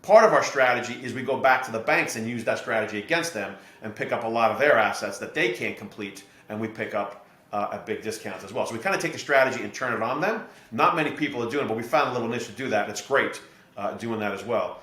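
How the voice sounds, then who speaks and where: A middle-aged man from New Jersey, a podcast guest and real estate investor, explaining his ideas through steady anecdotes. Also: medium pitch, fast talker. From New Jersey, USA. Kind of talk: podcast interview storytelling. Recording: echoey room.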